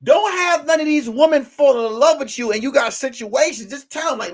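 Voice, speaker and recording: A man hosting as a comedian, ranting in a casual, profane, animated way and circling back to repeat his points. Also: very high voice, a little fast, hardly any pauses. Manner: animated, profane, repetitive storytelling. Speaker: comedian host. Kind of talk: casual live-stream rant.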